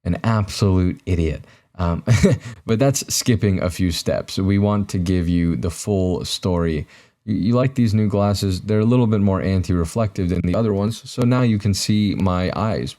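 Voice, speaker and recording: Low-voiced young man rambling self-mockingly. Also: moderate pace, mellow. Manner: self-mocking, rambling with many fillers and restarts. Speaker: podcast host. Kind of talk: solo comedic monologue to camera. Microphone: camera mic, recording himself.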